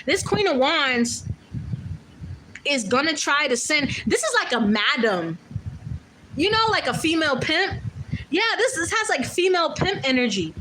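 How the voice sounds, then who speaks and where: High-voiced woman giving a blunt tarot reading. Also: big pitch swings, normal speed, a bit bright, slight background noise, poor audio. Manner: blunt and profane, loose, with many fillers. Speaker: tarot reader. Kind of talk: casual tarot reading monologue.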